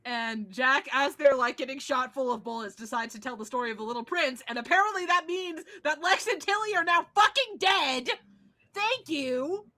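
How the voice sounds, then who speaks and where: A woman player rattling off a recap of the last tabletop session, excited and swearing freely. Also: high voice, normal speed, no echo. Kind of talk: casual chat.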